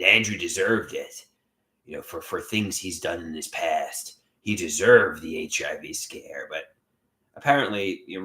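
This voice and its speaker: A man with a low, bright, forceful voice hosts a casual livestream. He rambles and repeats himself, greeting viewers by name as he reads out their comments.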